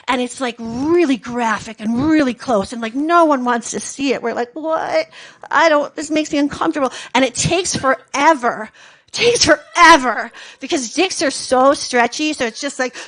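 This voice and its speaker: Brief: high-pitched woman comic, deadpan, rambling long-form stand-up on stage. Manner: rambling, deadpan storytelling with filler words. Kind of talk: stand-up comedy set.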